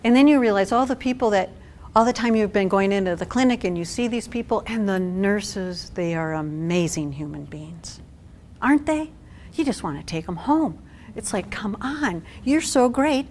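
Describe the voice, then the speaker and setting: A woman social worker giving a talk to a support group, animated and acting out quotes with laughs. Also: medium pitch, normal speed, a little hiss or hum.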